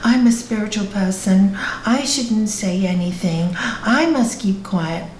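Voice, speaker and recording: A woman's voice: mid-range voice, a little slow, darkish tone, a little hiss or hum, close to an everyday voice. A woman voicing a self-righteous male disciple who speaks in a prim, self-satisfied way, in an echoey room over a video call. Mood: smug.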